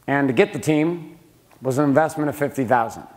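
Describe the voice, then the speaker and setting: Speaking fairly quickly in a medium-pitched, somewhat dark voice, a middle-aged man delivers a blunt motivational business talk to a live room of men. He swears freely and fires questions at the audience.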